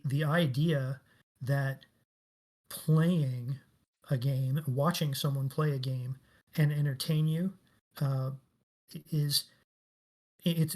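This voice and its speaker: A man's voice: fairly high pitch, darkish tone. A middle-aged man talking as a guest in a casual interview, telling stories enthusiastically and with emphasis. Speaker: guest, game industry veteran.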